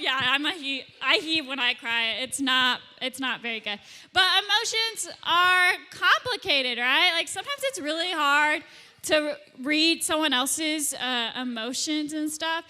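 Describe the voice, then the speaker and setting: A woman's voice: high voice, expressive, unhurried, bright, forceful tone. A young woman giving a chatty, playful youth group talk to middle schoolers, acting out little scenes as she goes. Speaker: youth leader. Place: church youth room. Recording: reverberant hall.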